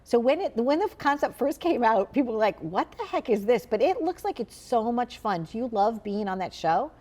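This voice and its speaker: A woman's voice: fairly high pitch, sing-song, normal speed, dark tone. Chatty Midwestern-raised woman host. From Midwest US, Saint Louis. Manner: chatty, rambling questions with many likes. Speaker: talk show host. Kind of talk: casual interview chat.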